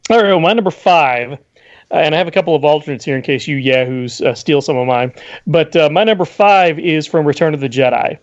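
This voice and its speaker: A man, a podcast guest, telling stories in an animated, casual chat. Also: a little high, brisk, lo-fi sound. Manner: animated storyteller.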